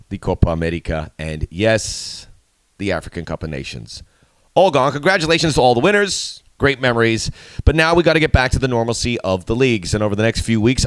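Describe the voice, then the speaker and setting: A middle-aged man with a fairly low voice hosts a soccer preview, his pitch swinging widely as he bounces through the topics. He is playful and animated, and his punchy lines leap upward. The sound is dry and close. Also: no room sound. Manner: animated, playful, with sudden emphatic jumps. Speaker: soccer show host. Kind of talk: solo video commentary.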